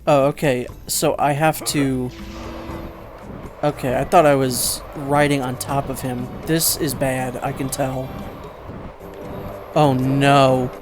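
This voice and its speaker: A man's voice: medium pitch, flat delivery, takes it slowly, pauses often. A man hosting a let's play, giving sarcastic, exasperated commentary on a game. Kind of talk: gameplay commentary. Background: game music.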